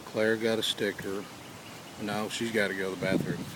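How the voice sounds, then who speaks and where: A middle-aged dog breeder walks a rural yard and road filming his litter, calling the puppies in a sing-song voice and muttering low asides between calls. His pitch barely moves and his speed is normal. It's casual home video narration, with loud outdoor noise on the camera mic.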